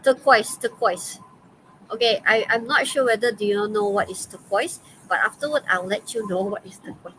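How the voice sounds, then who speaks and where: In a rough recording with faint noise beneath it, a Malaysian-accented woman leads an online English class, loose and talkative, laughing often and filling her speech with okays. Her mid-range voice is brisk, pushed and bright.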